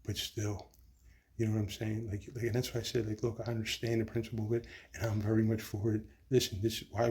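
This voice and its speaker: A man with a somewhat low voice tells a personal story of loss in a rambling, heated way. He swears and repeats himself as his account unfolds. Faint background noise sits under the recording. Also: dark tone. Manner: rambling, profane, agitated retelling. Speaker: grieving son telling his story.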